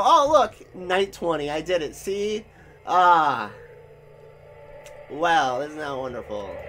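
A man's voice: high voice, fairly bright tone, slight background noise. A man hosting a gaming channel, giving let's-play commentary and swearing in frustration at the game. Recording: game gunfire under the voice.

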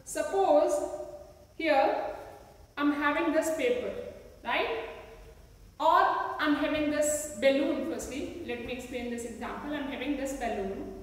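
A woman teacher with an Indian English accent explains a science lesson while demonstrating, patiently asking her students questions. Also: high voice. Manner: slow, patient, asks the class many rhetorical questions. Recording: echoey room, recorded from a distance.

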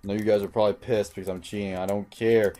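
A man's voice: on the low side, little pitch movement, quick pace, warm tone. A young man commentating his own video game playthrough, muttering, frustrated and swearing constantly. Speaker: gaming channel host. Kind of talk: let's play commentary.

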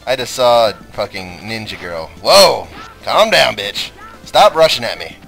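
A man's voice: lowish voice, very animated, unhurried, vocal fry, a bit bright, faint music behind, low-quality recording. A young man giving casual, crude let's play commentary and laughing through his lines.

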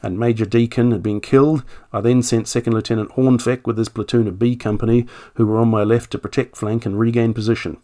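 A man reading out a wartime army captain's statement in a put-on voice, formal, measured and official. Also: mid-range voice, little pitch movement, dark tone, natural voice. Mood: formal, reporting. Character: British army captain, adult man, formal and matter-of-fact.

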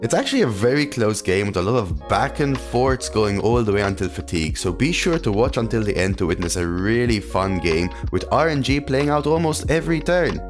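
A male streamer talks through a digital card game in a relaxed, chatty way, his pitch bouncing up and down as he reacts. He answers his chat aloud between turns, with faint music running under his voice. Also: a little fast, hardly any pauses.

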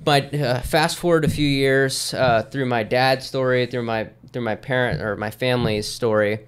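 Smooth-voiced man telling a rambling story. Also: medium pitch, steady tone, normal speed. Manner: easygoing, rambling, with many fillers. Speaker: podcast guest. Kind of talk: casual storytelling in conversation.

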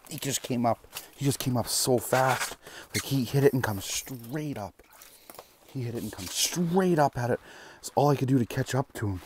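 A man giving excitable live commentary while ice fishing from a shelter on a frozen lake, with bursts of cheering and repeated exclamations. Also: mid-range voice, a little hiss or hum. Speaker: fishing vlogger.

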